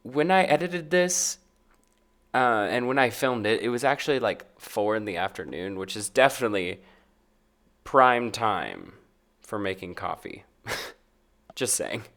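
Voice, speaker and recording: A man's voice: on the low side, very animated, measured pace, pauses often, a bit bright. A young man chatting casually while making coffee in his home kitchen, bubbly and self-mocking, laughing often. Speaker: vlogger.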